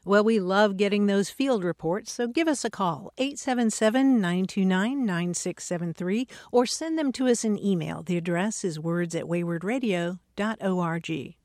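A woman co-hosting a radio call-in show about words, greeting callers in a friendly, measured way. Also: mid-range voice, a little mellow, dry recording, clean studio sound. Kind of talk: casual radio talk about language.

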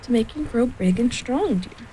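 A woman voicing a cheerful, firmly motherly female kangaroo in a storybook reading, soothing but brisk. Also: a little high, expressive, mellow, a little hiss or hum, lightly acted, poor audio.

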